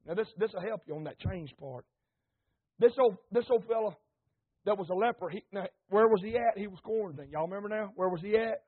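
A man preaching an impassioned sermon, repeating phrases, asking the congregation questions and rising to shouts. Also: high voice, fairly quick, pauses often, slightly rough. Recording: tinny phone-like recording.

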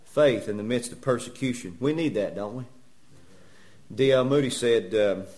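A man preaching a sermon in a church, folksy and joking, firing rhetorical questions at the congregation. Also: fairly low pitch. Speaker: pastor.

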